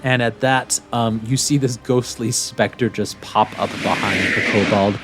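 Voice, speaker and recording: A man running a tabletop game as dungeon master, narrating playfully with quick voiced asides. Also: fairly low pitch, steady tone, over loud music.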